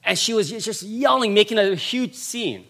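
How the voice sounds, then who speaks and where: A male pastor preaching a sermon, stressing points by repeating phrases and swinging between loud passages and hushed ones. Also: sits high, lively intonation, normal speed, gravelly.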